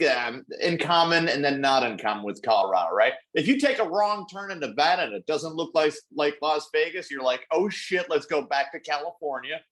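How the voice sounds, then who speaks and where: Brief: male podcast co-host, high and very lively voice, swears freely while ranting. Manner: animated ranting with profanity and mock voices. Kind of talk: casual podcast chat.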